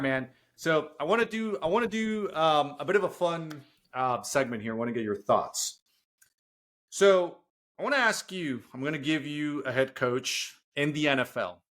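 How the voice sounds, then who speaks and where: A young man co-hosting a casual sports podcast, joking and slipping into quick impressions as he tells stories. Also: on the high side. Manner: animated, jokey storytelling with quick bits of mimicry. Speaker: podcast co-host.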